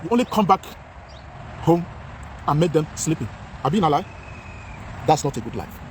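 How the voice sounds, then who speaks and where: A man's voice: fairly high pitch, sing-song, moderate pace, noisy background. A Nigerian man vlogging outdoors in English mixed with Pidgin, speaking with passion and a lot of repetition. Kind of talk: outdoor talking-head vlog.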